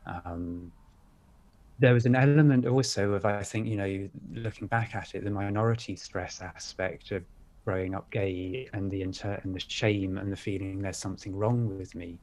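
A man with an upper-class English accent, telling personal stories in a candid, reflective chat, with many pauses and fillers. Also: sits low, fairly even intonation, a little mellow. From United Kingdom. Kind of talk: casual chat, storytelling.

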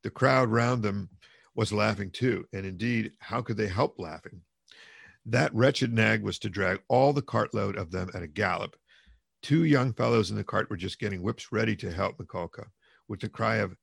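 A man with a gravelly, husky voice giving a measured, expressive audiobook reading of a classic novel. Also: lowish voice, no echo, clean studio sound. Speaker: narrator.

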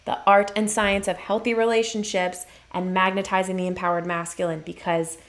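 An earnest woman coaching viewers on relationships in a live-stream talk. She presses her points home with emphatic repetition, in a voice of middling pitch for a woman. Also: little pitch movement, normal speed. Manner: earnest, emphatic, repeats key phrases.

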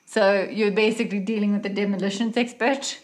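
A woman playing a tabletop game, talking in an animated, playful way about her character's moves. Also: mid-range voice, fairly quick. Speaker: player.

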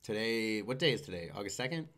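Man co-host, casual banter, teasing, very lively intonation. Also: lowish voice, fast. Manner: teasing, slangy, says dude a lot. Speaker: podcast co-host. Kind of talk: casual chat.

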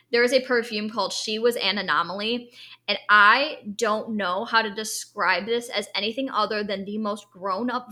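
A bright, clear-toned young woman chatting casually as a podcast co-host. She talks with enthusiasm, drifting through fillers and asides. Her pitch sits in a middle range. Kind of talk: casual chat about perfume.

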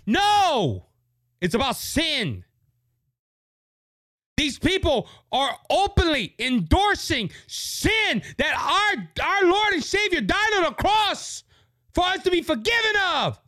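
A Louisiana man hosts his own political podcast, delivering an impassioned, preachy monologue into a studio microphone and repeating words when he gets worked up. His voice is very high-pitched, bright and forceful, with big pitch swings and a slow pace. The studio sound is clean with no echo.

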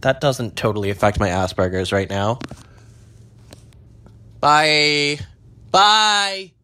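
A young man rambling and swearing in a casual monologue from his parked car, jumping between low mutters and high squeals. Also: fairly quick. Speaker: vlogger.

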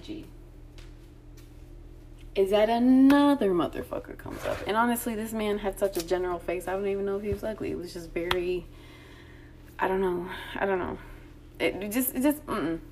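A young woman telling a story in a casual, profane chat, blunt and animated, acting out the exchanges with lots of fillers. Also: mid-range voice, background noise.

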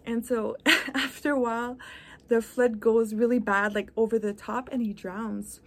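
A woman with a fairly high voice gives an earnest motivational talk as a podcast host and wellness coach. She speaks in an encouraging, heartfelt way. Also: fairly even intonation, measured pace.

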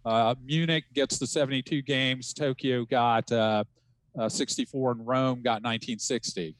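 Measured professor explaining history, dry sound. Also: male voice, medium pitch, steady tone, dry recording, poor audio. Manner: factual, measured, uses fillers. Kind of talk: casual explanation in a podcast interview.

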